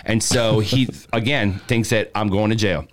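A man casually telling a story, animated, acting out the voices of the people in it. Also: lowish voice, normal speed, slight background noise. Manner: animated, acts out quotes, laughs while telling. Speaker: podcast guest telling a story.

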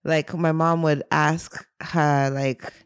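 A woman telling a personal story in a casual, animated, dramatic way, with many "like" fillers. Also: low voice, slow, smooth, no echo, clean studio sound. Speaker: guest storyteller.

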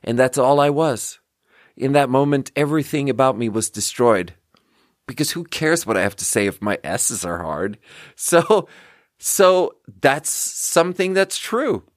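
A man in his thirties hosts a podcast with a medium-pitched, animated, unhurried voice. His casual comedic rant is loose and self-mocking, full of swearing and jumps between thoughts, recorded in clean studio sound with no echo.

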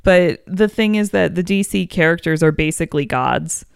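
A woman co-hosting a podcast, chatting casually and enthusiastically, quick to laugh. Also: on the low side, expressive, gravelly, clean tone, no room sound, studio quality. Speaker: podcast co-host. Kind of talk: casual chat.

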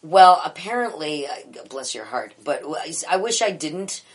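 A woman's voice: deep voice, lively intonation, moderate pace, husky. A middle-aged woman, an improv teacher, talking bluntly and profanely in a candid interview.

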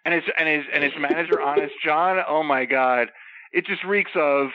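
An animated man swerves through profane, rambling stories in a relaxed chat. His voice sits a bit high. The recording is dry and slightly dull. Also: moderate pace, dry recording. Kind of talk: casual storytelling chat.

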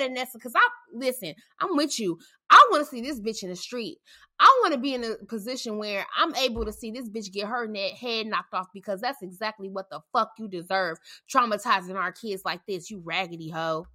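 A woman co-hosting a podcast, ranting angrily in casual, profane commentary with loud bursts. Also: medium pitch, expressive, a little fast. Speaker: podcast co-host.

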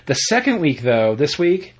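A man co-hosting a casual podcast, rambling through an animated retelling of a TV episode and acting out the characters' lines. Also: a little high, normal speed, husky. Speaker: podcast co-host.

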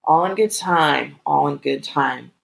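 A woman voicing a teasing, dominant adult male lover in a smug, unhurried, playful way. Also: lowish voice, big pitch swings, gravelly, low-quality recording.

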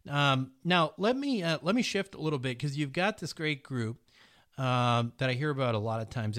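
A man's voice: mid-range voice, a bit bright. A man hosting an interview, speaking thoughtfully and hedging with fillers as he makes a point. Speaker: podcast host. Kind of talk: conversational interview.

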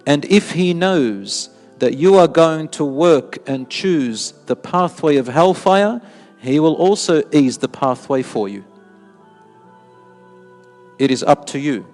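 A man giving an animated sermon who repeats words for emphasis and mixes in Arabic phrases. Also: fairly high pitch, long reverb tail. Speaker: Islamic preacher. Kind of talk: sermon with storytelling.

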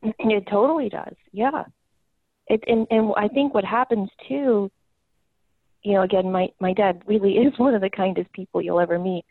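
A woman's voice: medium pitch, normal speed, dry recording. A woman talking candidly in a casual conversation, telling personal stories. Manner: candid storyteller. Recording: tinny phone-line sound.

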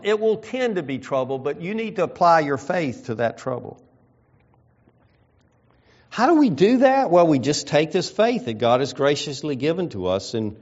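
A man preaching a sermon, reading scripture and slowing down to stress key phrases. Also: mid-range voice. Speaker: pastor. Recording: dull lo-fi sound.

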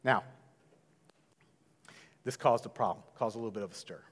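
A man preaching a sermon in a conversational way, dropping to a hush and then rising loud. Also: lowish voice, normal speed. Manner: conversational, swings from hushed to loud. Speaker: pastor. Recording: long hall reverb.

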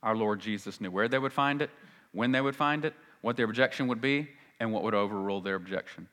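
A man preaching a sermon as a pastor, emphatic, swinging between loud and hushed and repeating phrases for stress. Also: lowish voice, fast. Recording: long reverb of a large hall.

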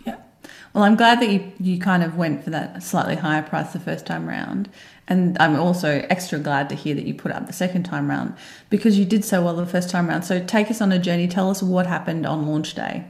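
Low, gravelly woman host in an echoey room. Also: fairly quick. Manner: encouraging, prompting the guest. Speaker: podcast host. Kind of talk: casual interview chat.

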